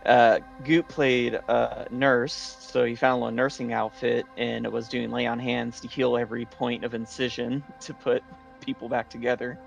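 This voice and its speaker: A man's voice: mid-range voice, little pitch movement, normal speed, creaky, faint music behind. A man casually recapping the last session of a tabletop game, rambling with many fillers and restarts.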